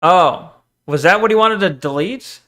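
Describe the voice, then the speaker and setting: A man's voice: high-pitched, measured pace, bright, forceful tone. A man streaming and chatting casually, reading chat, swearing often and rambling between topics.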